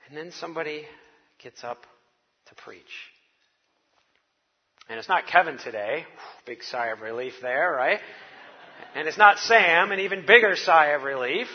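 A man's voice: fairly high pitch, animated, normal speed, long pauses, husky, long reverb tail, highs cut off. A man preaching a sermon to his congregation, telling it like a wry, conversational story. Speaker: pastor.

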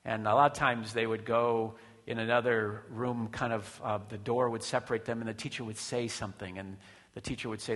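Male pastor, sermon, chatty, rhetorical questions, bright tone, long hall reverb. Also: lowish voice, flat delivery, brisk. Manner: conversational, with frequent restarts and rhetorical questions.

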